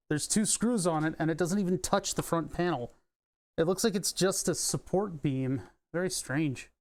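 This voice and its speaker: Philadelphia man muttering through a teardown. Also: high voice. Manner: muttering, swearing at stubborn bolts. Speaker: electronics repair streamer. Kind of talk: casual live teardown chat.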